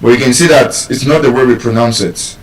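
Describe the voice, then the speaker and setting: A man's voice: medium pitch, a little fast. A man with a Nigerian accent teaching English pronunciation, quizzing his listeners and calling for answers. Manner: animated, asks the audience questions. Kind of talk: live pronunciation class. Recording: echoey room, mic at a distance.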